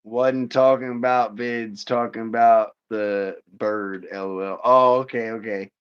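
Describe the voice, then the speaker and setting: Male livestream host, crude and jokey, a bit low, muffled stream sound. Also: steady tone, a little slow, clear, resonant tone. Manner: crude, joking, reads chat comments aloud. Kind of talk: casual livestream chat. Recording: dull lo-fi stream audio.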